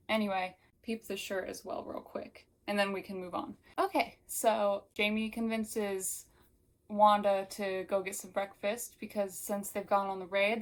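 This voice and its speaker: A woman's voice: medium pitch, rough recording. A woman giving a casual, chatty book recap with lots of filler words, talking straight to the viewer and reading passages aloud. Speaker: book reviewer.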